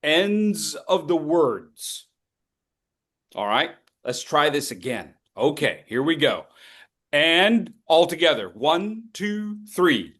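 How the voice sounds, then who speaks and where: A man's voice: on the high side, very animated, slow pace, a bit bright, slightly rough. Upbeat male speaking coach on a video call. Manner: upbeat, coaching, drills repeat-after-me. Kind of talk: online voice workshop.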